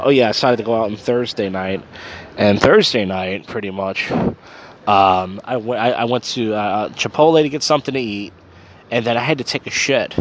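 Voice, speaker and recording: A man's voice: fairly low pitch, a little hiss or hum. A man hosting his own podcast, a little tipsy, telling crude, meandering stories packed with fillers in a casual monologue. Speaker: podcast host and open mic host.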